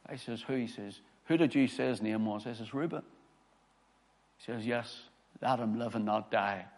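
A man's voice: mid-range voice, moderate pace, a little mellow. A man preaching a sermon as pastor, reading scripture with emphasis and telling personal stories. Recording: long hall reverb.

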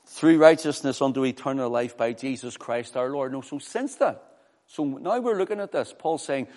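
A man preaching a sermon with fervor, swinging from loud, high exclamations to low, quiet scripture reading. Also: expressive, normal speed. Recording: long hall reverb.

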